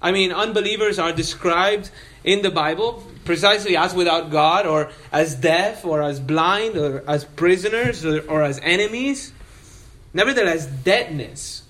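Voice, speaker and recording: A man's voice: on the high side, a bit bright. A male pastor preaching an expository sermon, reading scripture and explaining it with earnest emphasis.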